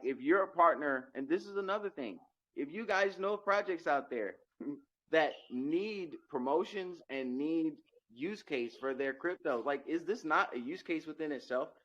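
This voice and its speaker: Boastful hyped-up man pitching crypto. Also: expressive, a little slow, a bit bright, highs cut off. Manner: boastful, salesy, emphatic. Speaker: crypto project promoter.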